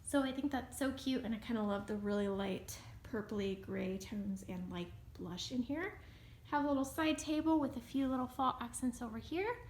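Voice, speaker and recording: A woman's voice: fairly high pitch, echoey room, a little hiss or hum. A young woman vlogger chatting through a home tour, gushing over her decor with lots of fillers. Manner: bubbly and gushing, with frequent "so cute" and fillers. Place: at home, walking through living room.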